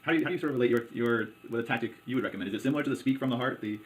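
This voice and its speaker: A man, a local commissioner, talking in a conversational interview, halting often with fillers and restarts. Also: medium pitch, rough recording. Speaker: hospital district commissioner.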